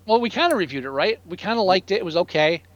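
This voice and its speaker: A man in his thirties co-hosting a casual movie review podcast. He talks in an animated, profane way and acts out characters from films. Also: sits high, fast, dry recording. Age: 30s. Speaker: podcast co-host. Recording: dry, slightly dull sound.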